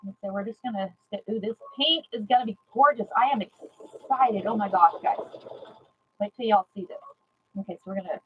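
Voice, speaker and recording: A woman giving a live sewing demonstration, chatty and excitable, repeating herself and greeting viewers. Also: fairly high pitch, phone-quality sound, a little hiss or hum. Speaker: sewing instructor.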